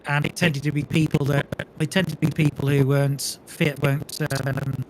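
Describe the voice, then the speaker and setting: A man's voice: fairly high pitch, flat delivery, moderate pace, a little hiss or hum. A man chatting casually while playing a game, explaining things at length with plenty of fillers. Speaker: co-op gamer and streamer. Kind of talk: casual gaming chat.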